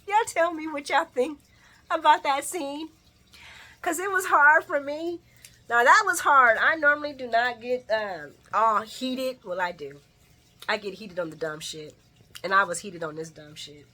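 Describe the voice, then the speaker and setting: Woman vlogger, bright tone, fired-up casual recap, speaks straight to camera and calls viewers y'all. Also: high-pitched, a little slow. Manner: heated, animated, profane, addresses viewers as y'all. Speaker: soap opera recap vlogger. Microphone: camera mic.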